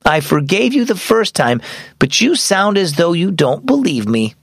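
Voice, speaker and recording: A man voicing an earnest young girl in a children's storybook reading, pitching his voice up. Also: big pitch swings, moderate pace, creaky, no room sound, clean studio sound, full character voice. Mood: exasperated.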